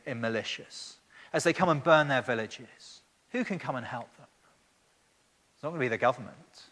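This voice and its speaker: A man's voice: fairly high pitch, a bit bright. A man preaching a sermon with emphatic rhetorical questions and frequent restarts. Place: church hall. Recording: long church reverb.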